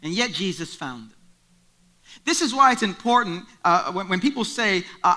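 A man's voice: sits high, big pitch swings, moderate pace, sharp tone. A man preaching a sermon, retelling a story in a conversational way and driving points home through repetition. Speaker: pastor.

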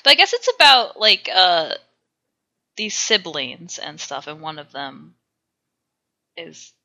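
Animated, laughing young woman telling a story. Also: on the low side, takes it slowly. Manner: animated storyteller, swearing, laughing, acting out quotes. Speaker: podcast co-host. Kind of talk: casual chat.

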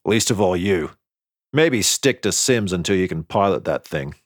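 A man voicing a gruff, dismissive sports coach in an audiobook. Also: sits low, animated, moderate pace, no room sound, clean studio sound. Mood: curt.

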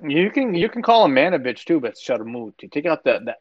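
A young man with a slightly high, lively voice explains things patiently in a casual chat among friends. He sounds laid-back. The recording is dry and a bit muffled. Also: fairly quick, no echo.

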